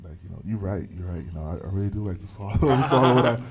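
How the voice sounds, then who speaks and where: Young man, podcast co-host, rambling casual storyteller, fillers, lowish voice. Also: lively intonation, very fast, slightly rough. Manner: laughs often, rambling with fillers.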